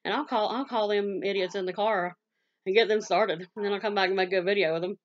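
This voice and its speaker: Southern American woman, forties, quick chatty vlogger with easy laughs; mid-pitched voice, slightly muffled recording. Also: fairly even intonation. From Southwest Virginia, US. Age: 40s. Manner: fast-talking, chatty, laughs easily. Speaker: YouTube scam-baiter answering viewer questions. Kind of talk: casual Q&A vlog.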